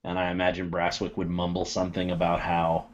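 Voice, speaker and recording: A man describing his character's actions in a tabletop game, laughing often in relaxed table talk. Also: sits low, fairly quick. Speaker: player. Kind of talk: tabletop role-play narration. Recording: dull lo-fi recording.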